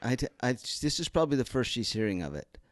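Male co-host in his thirties, wry joker, animated pitch, dry close recording. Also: quick pace, no room sound. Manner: wry and joking, animated delivery. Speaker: podcast co-host. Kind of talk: casual chat.

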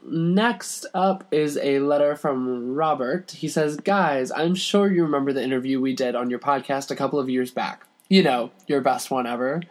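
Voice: mid-range voice, moderate pace, few pauses. Young adult reading fan letters with laughs. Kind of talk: casual chat reading listener letters. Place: family home.

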